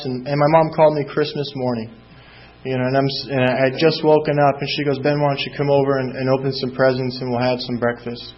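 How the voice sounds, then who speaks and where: Man, recovery talk, halting with fillers and restarts, flat monotone, dull lo-fi sound. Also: mid-range voice. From Southern California. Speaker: AA speaker. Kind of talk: recovery story told to a meeting.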